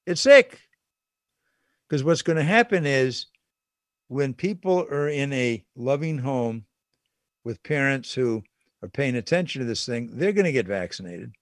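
An older man hosts a talk show in an opinionated monologue, indignant and animated. He laughs as he rants. His voice sits in a middle pitch, and the sound is close and dry. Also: no echo.

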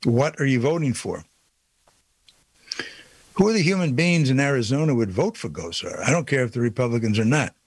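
An indignant man delivers a political opinion monologue, hammering his points with one rhetorical question after another. His mid-pitched voice is husky, animated and brisk, with frequent pauses. The recording is dry and close, with no surrounding room sound.

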